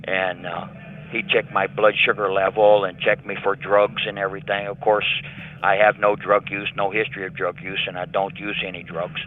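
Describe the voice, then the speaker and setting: A man's voice: deep voice, level tone, moderate pace. Older man over a tinny prison phone. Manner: matter-of-fact storyteller, acting out dialogue. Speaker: prison inmate interviewee. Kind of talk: recounting a story over a phone call. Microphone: prison telephone.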